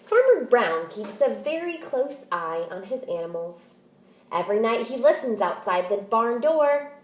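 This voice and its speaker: A woman teacher reading a picture book aloud and explaining it, in a deliberate, expressive manner. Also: a little high, roomy sound.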